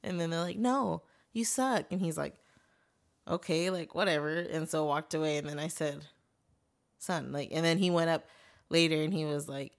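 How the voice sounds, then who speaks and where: A woman's voice: low voice, fairly even intonation, a little fast. A woman in her thirties co-hosting a casual podcast, telling a story animatedly and acting out the quotes. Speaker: podcast co-host. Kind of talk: casual chat.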